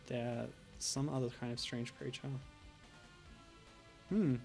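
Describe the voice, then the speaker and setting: A man's voice: mid-range voice, measured pace, gravelly, long pauses, darkish tone, husky, faint music behind. A man streaming a retro game, chatting casually and wryly with frequent laughs.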